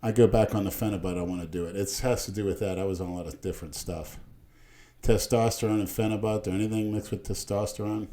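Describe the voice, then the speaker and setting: A middle-aged man with a low, mellow voice, chatting on a podcast. He makes blunt, gruff remarks in a plain, unhurried way. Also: fairly even intonation. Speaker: podcast regular. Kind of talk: casual chat.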